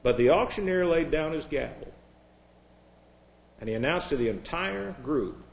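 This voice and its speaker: A male Bible teacher tells an illustration story in a sermon. His delivery is dramatic and often sinks to a quiet emphasis. His somewhat high voice moves lively up and down. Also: moderate pace, vocal fry, pauses often.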